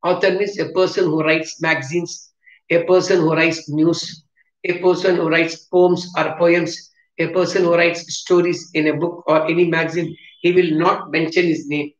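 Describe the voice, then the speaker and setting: Heard from a distance in a roomy, dull classroom recording, a man with a South Indian English accent spells vocabulary words letter by letter and repeats them near a board. His voice is a little high, with flat delivery at a normal pace.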